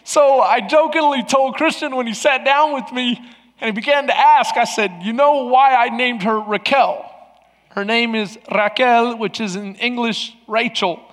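A man's voice: extremely high pitch, a little slow, fairly bright tone. A middle-aged male pastor preaching a sermon, telling a personal story with emotional restarts and laughter. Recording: long hall reverb.

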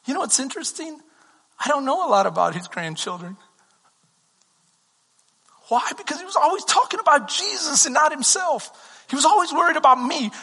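A man preaching a sermon as a pastor, telling stories with animated, emotional delivery and quoting others in softer voices. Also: very high-pitched, normal speed, long pauses, long reverb tail. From Texas.

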